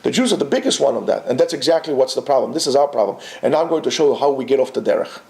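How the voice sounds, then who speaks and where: A man teaching a Torah class to students, animated and full of rhetorical questions and restarts. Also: medium pitch, racing, vocal fry, echoey room. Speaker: yeshiva teacher.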